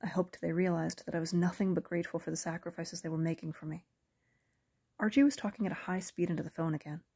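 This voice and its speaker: Woman narrator, low husky voice, measured audiobook reading. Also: fairly even intonation, dark tone. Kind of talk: first-person audiobook narration.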